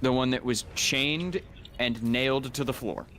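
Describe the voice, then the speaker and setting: A man's voice: mid-range voice, unhurried, fairly bright tone, slight background noise. A man in casual chat, matter-of-fact, dryly correcting details.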